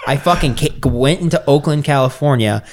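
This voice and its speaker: A man telling a story on a casual podcast, animated and swearing often, acting out what people said. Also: fairly high pitch, brisk. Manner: animated storyteller, swears a lot, acts out quotes. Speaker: podcast co-host.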